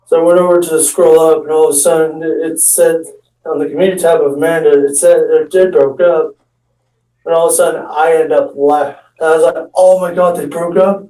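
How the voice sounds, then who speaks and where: A man's voice: a little high, little pitch movement, fairly quick, mellow. A man telling a rambling comic story about his friends, with restarts and acting out what others said. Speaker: amateur stand-up storyteller. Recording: echoey room, mic far off.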